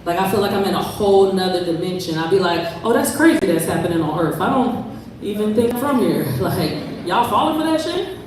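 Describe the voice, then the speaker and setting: A woman's voice: medium pitch, animated, brisk, a little mellow, slight background noise. A woman performing spoken word poetry live on stage, moving from rhythmic poetic lines to loose, casual talk with the crowd. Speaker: performing poet. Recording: very echoey room, voice from far off.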